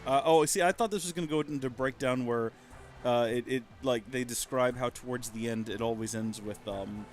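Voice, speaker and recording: Soft music plays behind a man in his thirties giving casual let's-play commentary at a moderate pace in a medium-pitched voice. He's chatty and rambling, often joking at his own expense.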